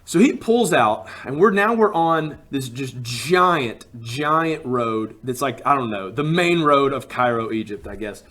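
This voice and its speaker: A man from Alabama, telling a personal travel story in a casual, animated way and acting out what people said. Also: mid-range voice, unhurried, few pauses. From Alabama, USA. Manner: animated, acts out quotes with rising emphasis.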